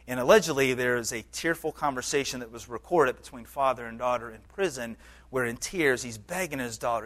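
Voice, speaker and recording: A man's voice: medium pitch, moderate pace, a bit bright. A man preaching a sermon as pastor to his congregation, earnest and conversational, with occasional fillers.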